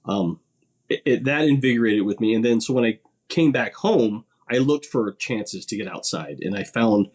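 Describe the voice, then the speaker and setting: A man's voice: fairly low pitch, expressive, normal speed, a little mellow, husky. A man chatting casually as a podcast guest, rambling a little and repeating words as he starts his sentences.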